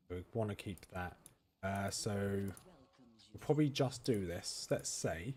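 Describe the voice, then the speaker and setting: Here a man with a warm, fairly low voice streams a game, offering relaxed commentary. He muses aloud as he plays and responds to what his viewers ask.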